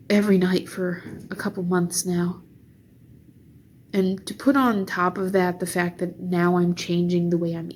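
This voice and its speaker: A tired young woman in a casual vlog, venting slowly between sighs about a rough day on her diet. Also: on the low side, darkish tone. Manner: slow, weary, sighing. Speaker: vlogger.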